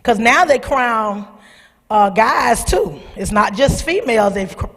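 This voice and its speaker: A middle-aged woman, husky-voiced, telling a personal testimony to young people in a church, animated and calling out to her listeners. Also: fairly high pitch, measured pace. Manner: animated storytelling, calls out to the audience. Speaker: speaker at a church youth service. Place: church sanctuary. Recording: long hall reverb.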